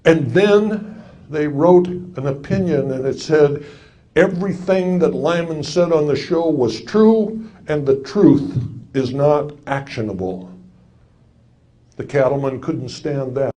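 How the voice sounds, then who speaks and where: A man's voice: a little high, slow pace, warm tone. Wry folksy older male storyteller. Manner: folksy, wry storyteller with punchlines and acted quotes. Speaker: speaker telling a story to an audience. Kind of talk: storytelling talk to a live audience.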